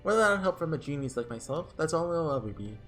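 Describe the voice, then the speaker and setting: A man's voice: fairly high pitch, very animated, quick pace, a bit bright, soft background music, pitched above the performer's own voice. A man playing a smug genius weaponsmith. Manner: theatrical, self-satisfied salesman patter. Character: self-proclaimed genius weaponsmith, smug and showy.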